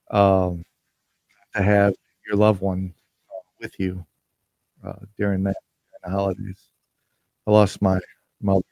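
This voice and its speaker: A man with a low, mellow voice gives a casual holiday message as a podcast host. He talks haltingly, full of pauses and restarts, and sounds emotional. The recording is close and dry. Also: no echo, rough recording. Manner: halting, hesitant, many fillers and restarts.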